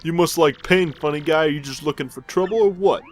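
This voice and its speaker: A man's voice: on the high side, a little fast, faint music behind, voice pushed up, close to an everyday voice. A man voicing a surly mobster henchman with a put-on tough-guy accent, reading game dialogue aloud. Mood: threatening.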